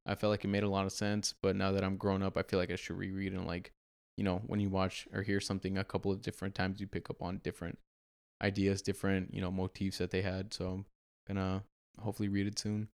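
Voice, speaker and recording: A man's voice: low-pitched, monotone, fast, darkish tone, clear, resonant tone. A young man who just graduated college, a guest on a podcast, talking in a laid-back way with lots of "like" and "um". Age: young adult. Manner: laid-back, filler-heavy. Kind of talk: casual podcast chat.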